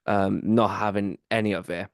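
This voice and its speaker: A man's voice: lowish voice, steady tone, moderate pace, dry recording, clean studio sound. A male podcast host, telling a rambling story in a casual chat, full of fillers.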